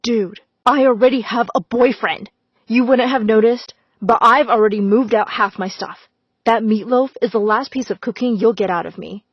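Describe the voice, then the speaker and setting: A forceful, defiant teacher, voiced by a woman in an animated storybook, speaking with a raised, firm voice on the high side. The recording is dry and a little dull. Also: normal speed, husky, no room sound. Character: defiant middle-aged female teacher.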